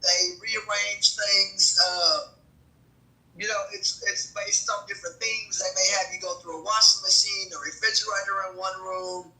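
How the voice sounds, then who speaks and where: A woman's voice: mid-range voice, fairly even intonation, normal speed, sharp tone. A woman on a group call, apologetic and enthusiastic as she describes things. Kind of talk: casual group chat. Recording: echoey connection, cutting out.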